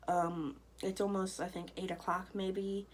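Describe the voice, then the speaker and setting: A woman's voice: medium pitch, level tone, a little slow, slight background noise, rough recording. A young woman telling a personal story to camera in a loose, chatty way, full of fillers. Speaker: vlogger.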